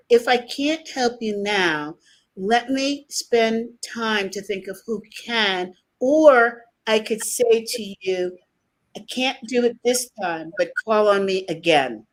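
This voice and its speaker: A woman's voice: a little high, takes it slowly. A woman from the United States hosting an interview, telling stories with lots of laughter. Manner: animated storyteller, laughs often. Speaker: podcast host. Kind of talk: conversational interview.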